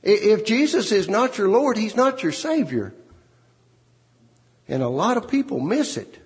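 A man's voice: sits high, big pitch swings, measured pace. A man preaching a sermon, repeating words and phrases for emphasis. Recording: long hall reverb.

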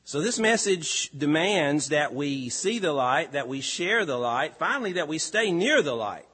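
A pastor delivering a sermon, with an earnest, emphatic delivery that rises and falls. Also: male voice, fairly high pitch, pushed and bright. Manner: earnest, emphatic preaching with rising and falling delivery.

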